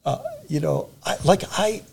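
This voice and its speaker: Gravelly older man telling stories. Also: fairly high pitch, a little slow, darkish tone. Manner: earnest, anecdotal, many fillers and restarts. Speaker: author and public theologian, guest. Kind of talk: reflective interview storytelling.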